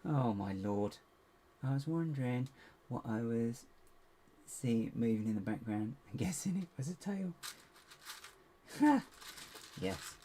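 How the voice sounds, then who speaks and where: A man chatting to viewers in a casual building vlog, rambling to himself with playful squeaky exclamations. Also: animated, slow pace, pauses often, mellow, a little hiss or hum. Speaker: LEGO builder and channel host.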